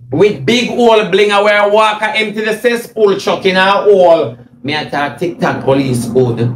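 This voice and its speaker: A man's voice: high voice, fairly bright tone. A man with a Jamaican accent delivers a mocking, repetitive, confrontational rant on a livestream into a phone. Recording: echoey room, faint noise.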